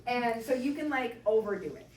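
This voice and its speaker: A woman's voice: fairly high pitch, animated, moderate pace, darkish tone, slight background noise. A woman chiropractor giving a casual, chatty talk to a small group, with lots of fillers. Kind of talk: casual presentation to a live group. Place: room with a small audience. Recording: echoey room, voice from far off.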